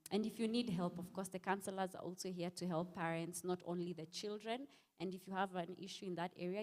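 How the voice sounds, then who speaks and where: A woman's voice: lowish voice, a little mellow. A woman moderating a church counseling panel, putting questions to the panelists in a conversational way.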